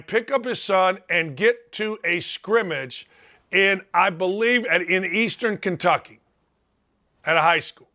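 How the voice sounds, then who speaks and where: A man's voice: sits high, pushed and bright. A middle-aged man hosting a sports talk show, delivering a brash, sarcastic monologue and mocking the people he talks about.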